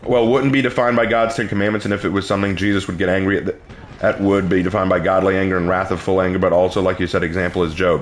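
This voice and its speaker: A man's voice: lively intonation, fast talker, a little hiss or hum. A young man on a live stream who answers chat questions about faith in an earnest, emphatic, preacher-like way. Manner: earnest, emphatic, pitch swings when preaching.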